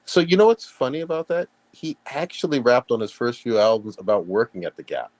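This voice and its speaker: A man's voice: medium pitch, a little fast, darkish tone, dry recording. A man hosting a casual podcast chat, blunt and heavy on profanity, talking with emphasis. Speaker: podcast host.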